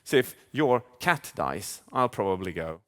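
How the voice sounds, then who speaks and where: A man speaking as a communication coach in a live keynote, animated, asking the audience questions and acting out inner voices. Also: deep voice, measured pace, background noise. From Sweden. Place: large event hall. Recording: long hall reverb.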